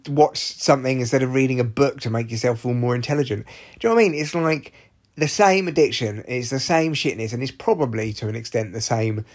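A man hosting a podcast, talking candidly and swearing freely, rambling with restarts and side remarks. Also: mid-range voice. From Scotland. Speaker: podcast host. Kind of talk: casual monologue.

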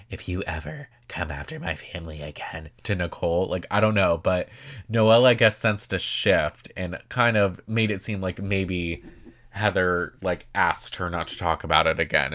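Gossipy recap host, a man, lower voice, casual and profane. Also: a bit bright. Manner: chatty and gossipy, swears freely, many "like" fillers.

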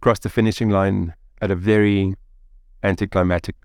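A man in his thirties recounts a story as an interview guest, filling his sentences with "like" and "you know". His voice sits low with a gravelly edge, and the sound is dry and close. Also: normal speed, no room sound. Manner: animated, rambling with many fillers like "like" and "you know".

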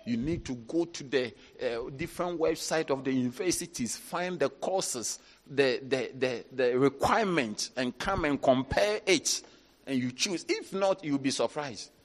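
A man preaches a lively sermon as a bishop, calling out hallelujahs and acting out his congregation's voices. His pitch sits mid-range, but he shifts from hushed asides to laughing shouts. A long reverb trails every line in the hall. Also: measured pace. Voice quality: animated, rising to shouts and laughter. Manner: preaching with call-outs and acted quotes.

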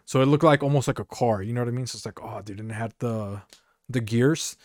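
A man's voice: medium pitch, fast, dry recording. Casual male podcast storyteller from Mexico, rambling comic delivery, dead-dry room. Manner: rambling, peppers talk with "dude" and "you know". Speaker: podcast co-host.

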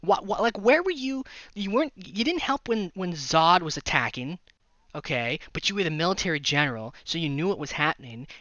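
Guy ranting about a movie, swears a lot, bright sharp voice, dry close sound. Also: a little high, animated, brisk, dry recording, dull audio. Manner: ranting, exasperated, profane. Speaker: podcast co-host. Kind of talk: casual movie review chat.

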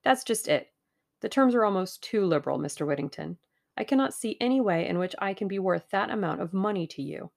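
A woman playing a sharp wary young heroine. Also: medium pitch, animated, fairly quick, creaky. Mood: wary, firm. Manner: wary and direct.

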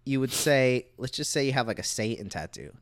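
A man's voice: medium pitch, animated, a little fast, no room sound, studio quality. A young man co-hosting a podcast, rambling casually with lots of fillers and swearing. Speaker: podcast co-host. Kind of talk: casual chat.

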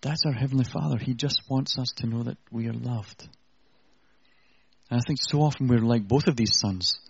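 Man delivering a sermon, earnest and conversational with wry asides, slightly husky; dull, muffled recording. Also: mid-range voice, moderate pace. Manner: earnest, conversational preaching with self-deprecating asides. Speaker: preacher.

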